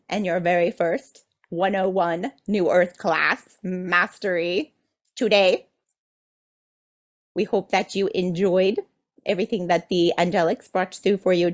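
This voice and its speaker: Speaking as a collective "we," a woman channeler delivers a spiritual message with playful enthusiasm. Her voice runs on the low side, and she teases her audience, frequently asking "do you see?"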